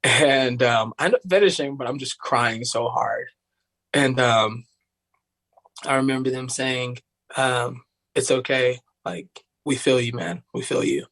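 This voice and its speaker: A young man from Tennessee, USA, a singer appearing as a podcast guest, tells a rambling, casual story packed with "like" and acts out other people's voices. His medium-pitched voice is steady, unhurried, and fairly bright.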